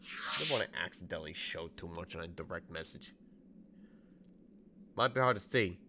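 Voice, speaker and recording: Male game streamer, low and expressive, profane and excitable casual chat. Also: normal speed, slight background noise.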